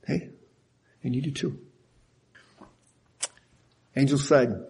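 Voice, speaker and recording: An older man gives a sermon, his tone folksy and animated, with small laughs at his own expense. His voice is husky and mellow, pitched a little high for a man. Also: normal speed, pauses often. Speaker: pastor.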